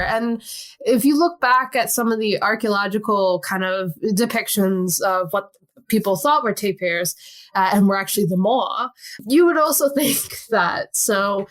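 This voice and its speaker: An American woman co-hosting a podcast, talking through the material in an easy, chatty way. She laughs often and fills pauses with ums and uhs. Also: mid-range voice. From United States. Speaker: podcast co-host. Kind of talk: casual educational chat.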